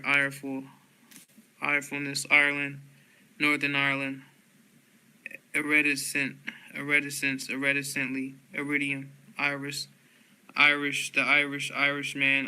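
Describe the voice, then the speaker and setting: A man reading dictionary entries aloud one word at a time, in a flat listing manner with occasional stumbles and restarts. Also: mid-range voice, normal speed, smooth.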